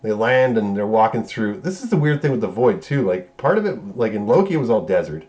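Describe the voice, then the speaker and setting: A man's voice: on the low side, big pitch swings, brisk, darkish tone, lo-fi sound. A man reviewing a movie, casually recapping scenes in a loose, profane way and correcting himself as he goes. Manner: loose, profane, rambling retelling with self-corrections.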